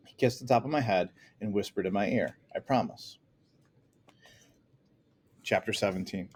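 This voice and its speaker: A man narrating a first-person novel aloud with steady, earnest delivery. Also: fairly low pitch, fast talker, husky. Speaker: audiobook narrator. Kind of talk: first-person audiobook reading.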